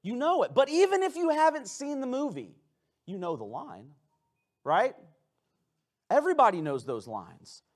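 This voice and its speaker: A man with a high voice preaches to his congregation. His sermon is loose and conversational, playful in tone and full of quick restarts. He is speaking in a church sanctuary. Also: sing-song. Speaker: pastor.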